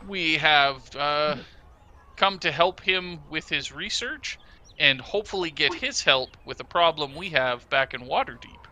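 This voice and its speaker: A man's voice: a little high, measured pace, pushed and bright, slight background noise. A man playing a tabletop game, talking politely and a bit hesitantly, with fillers. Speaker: player. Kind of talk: tabletop game play, in and out of character.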